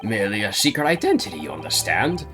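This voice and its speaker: Man reading theatrical gentleman detective, flowery, self-assured, animated pitch, music behind. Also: quick pace. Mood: grandiose. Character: pompous eccentric male gentleman detective, theatrical. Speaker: game streamer reading dialogue. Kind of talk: voicing game dialogue.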